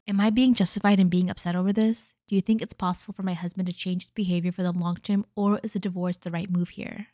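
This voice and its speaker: A woman reading a personal story aloud and then commenting on it in a measured, thoughtful way. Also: mid-range voice, no room sound, studio quality. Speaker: storytime narrator.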